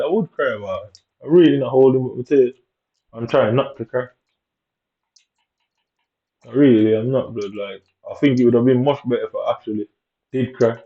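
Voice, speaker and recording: A man's voice: mid-range voice, warm tone. Aggrieved man ranting over gameplay. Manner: aggrieved, muttering, heavy slang. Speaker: gamer commentating his own play. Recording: dull lo-fi recording.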